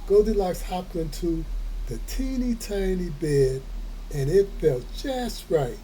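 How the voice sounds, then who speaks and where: A man reading a children's story aloud, slow and folksy, with playful chatty asides. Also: high voice, lively intonation, dark tone, a little hiss or hum, rough recording. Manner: slow, folksy, adds playful comments to listeners.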